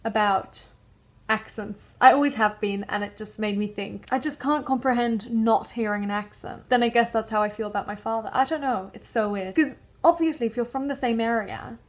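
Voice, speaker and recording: A woman's voice: fairly high pitch, moderate pace. A young woman from the Netherlands with a mostly British accent that carries a trace of Dutch and Australian, chatting to camera and wondering aloud. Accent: British English with Dutch and Australian traces. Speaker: vlogger. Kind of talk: casual chat to camera.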